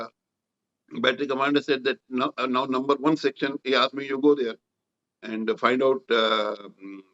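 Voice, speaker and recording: An older veteran with an Indian English accent recounts battlefield memories in an interview, reenacting the dialogue vividly with rising intensity. His mid-range voice has a fairly bright tone, and the sound is lo-fi.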